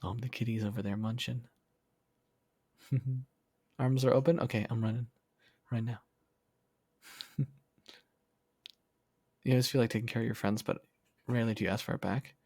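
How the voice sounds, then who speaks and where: A young man chatting casually on a livestream, reading comments in a soft, affectionate way and laughing often. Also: medium pitch, steady tone, moderate pace, long pauses, husky, dry recording, studio quality. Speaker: streamer.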